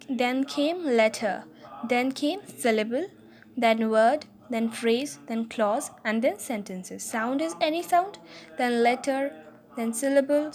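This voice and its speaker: A woman teaching a linguistics lesson, explaining slowly and repeating key words, often checking with "okay?". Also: high voice, darkish tone. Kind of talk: explaining phonetics at a board.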